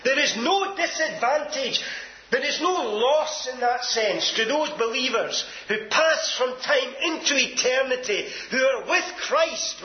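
A man preaching a sermon with emphatic delivery, swinging from loud declarations to hushed asides. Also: high-pitched, muffled recording.

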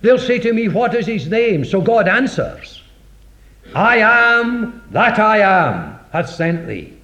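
A man's voice: sits high, big pitch swings, slow pace, bright, forceful tone. A man preaching a sermon in a dramatic, rhetorical way, acting out the voices of scripture. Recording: dull lo-fi recording.

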